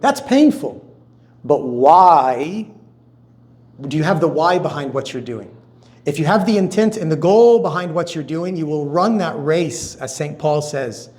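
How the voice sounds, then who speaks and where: A man giving a spoken talk to a men's conference, telling stories with lively energy. He acts out quotes and reactions, swinging his pitch and loudness up and down, on a somewhat high voice. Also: measured pace. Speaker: conference speaker. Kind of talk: storytelling sermon talk.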